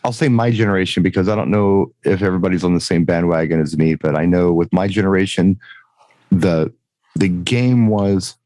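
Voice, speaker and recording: A middle-aged man in casual chat, talking in a reflective way and swinging his pitch when making a point. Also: moderate pace, darkish tone, no echo.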